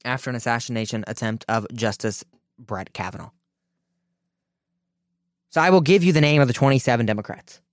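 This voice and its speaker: Indignant male talk-show host, smooth voice. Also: mid-range voice, a little fast, pauses often, no room sound, studio quality. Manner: indignant, emphatic, with restarts. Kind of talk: political commentary monologue.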